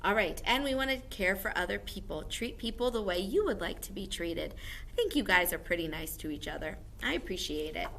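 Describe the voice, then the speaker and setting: A woman's voice: medium pitch, animated, a little fast, creaky, a bit bright, slight background noise. A woman music teacher giving a recorded video lesson to first graders, upbeat and encouraging, explaining things simply for young children.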